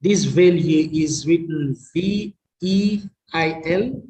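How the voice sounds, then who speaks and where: A man studying to preach, reading his notes aloud and sounding out hard words slowly and carefully, with English not his first language. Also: on the high side, dark tone, poor audio. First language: a language other than English. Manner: slow and careful, sounds out and repeats difficult words. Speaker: preaching student.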